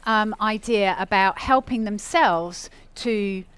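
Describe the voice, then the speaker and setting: Chatty middle-aged woman, smooth voice. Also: mid-range voice, slow, no echo. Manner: chatty, enthusiastic, warm-hearted rambling. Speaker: cooking show host. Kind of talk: live cooking demo chat.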